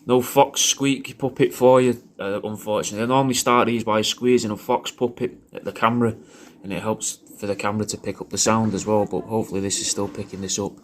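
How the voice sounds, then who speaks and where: A man's voice: lowish voice, steady tone, quick pace, slight background noise. A man talking in a crude, rambling way, recording a personal video message full of swearing and restarts. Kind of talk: casual rambling monologue.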